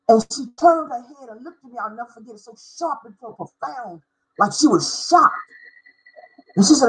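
A middle-aged woman with a somewhat high, husky voice tells a heartfelt faith story from her own life. She speaks with emotion, spells out words for emphasis, and now and then breaks into a line of song. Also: expressive, moderate pace, rough recording. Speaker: former schoolteacher. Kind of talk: personal testimony.

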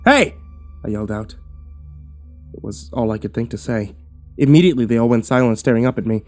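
A man narrating a first-person horror story in a subdued, measured way. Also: medium pitch, steady tone, mellow, soft background music.

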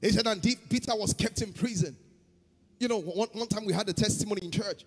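A man preaching a sermon as pastor, shifting between loud chanted prayer and quiet storytelling. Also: high-pitched, fairly quick, slightly rough, long reverb tail. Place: church hall.

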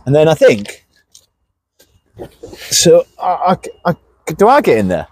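A man's voice: a little high, huge pitch swings, slow, darkish tone, no echo. A man hosting a car walkaround, joking and teasing his co-host in playful banter.

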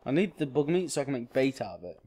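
A man's voice: mid-range voice, very animated, quick pace, warm tone. A man hosting a gaming channel, giving casual let's-play commentary and thinking aloud with small exclamations.

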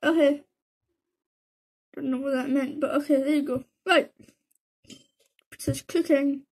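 A woman's voice: sits high, steady tone, a little slow, a little mellow. A woman giving casual, chatty commentary as she plays a game, joking about herself and tossing in slang like "bro" and "man". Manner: chatty, self-mocking, talks to herself while playing. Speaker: gaming video creator.

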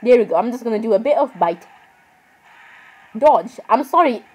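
Rambling young woman with a higher voice. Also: animated, moderate pace, husky, poor audio. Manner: rambling, exasperated, keeps apologizing. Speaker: gaming vlogger. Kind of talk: casual gaming commentary.

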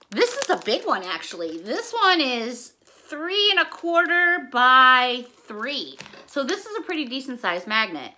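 Mid-aged lady doing a haul vid, bright voice, kinda high, chatty w/ viewers. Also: slight background noise. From Chicago area. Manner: chatty, animated, talks straight to viewers. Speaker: haul video host. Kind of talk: casual haul chat.

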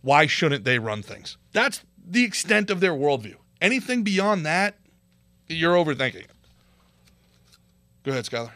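A man hosting a podcast, giving rambling political commentary with heavy sarcasm, swinging from loud bursts to low mutters. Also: sing-song, normal speed, long pauses, no room sound. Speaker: podcast host.

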